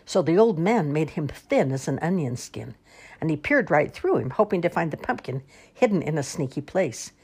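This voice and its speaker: A woman reading children's picture books aloud in an expressive, sing-song storytelling manner. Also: low-pitched, moderate pace, slightly rough.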